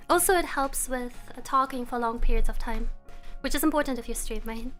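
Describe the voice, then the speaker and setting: A woman streamer chatting casually with her viewers. She is relaxed and laughs often. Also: high voice, quick pace, soft background music. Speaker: live streamer. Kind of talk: casual live-stream chat. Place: room at home.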